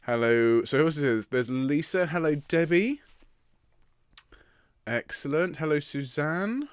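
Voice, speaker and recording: A man's voice: fairly high pitch, animated, unhurried, clean tone, no echo, studio quality. A man leading a choir rehearsal online from home, greeting singers one by one with chatty teasing, his voice a little sandpapery. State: slightly rough, sandpapery voice. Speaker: choir director. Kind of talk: live online rehearsal chat. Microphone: computer mic on a video stream.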